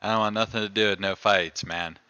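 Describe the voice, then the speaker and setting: A man hosts a casual live stream and tells stories in a loose, profane way. His voice sits low, bright and smooth. The sound is dry and close. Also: a little fast, no echo, muffled recording. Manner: loose, profane, animated when telling a story. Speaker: streamer host. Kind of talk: casual storytelling chat.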